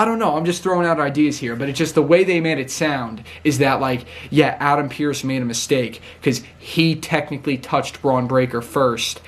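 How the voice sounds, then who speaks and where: In a medium-pitched voice, a man runs through a wrestling show in a relaxed, chatty recap. Excitable and frequently laughing, he imitates what the people involved said.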